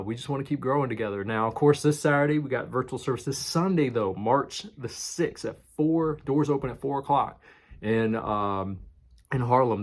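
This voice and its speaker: A male pastor giving a casual, conversational sermon and stressing key words by repeating them. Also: mid-range voice. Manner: conversational, emphatic with repetition. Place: church in New York City.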